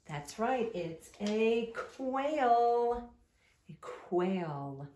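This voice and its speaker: A woman teacher leads a phonics lesson for young children at an unhurried pace. Her delivery is patient and sing-song, drawing words out. The room adds a noticeable echo. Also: fairly low pitch, darkish tone, slight background noise.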